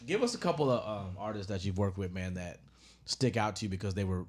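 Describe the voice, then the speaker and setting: Low-voiced man asking questions. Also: lively intonation, quick pace. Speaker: podcast co-host. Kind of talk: interviewing in casual chat.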